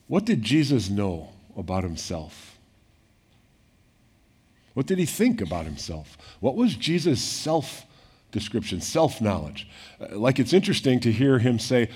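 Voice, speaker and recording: Middle-aged guy preaching, chatty and animated, lots of rhetorical questions, regular pitch. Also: measured pace, slightly rough. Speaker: pastor. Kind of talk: sermon.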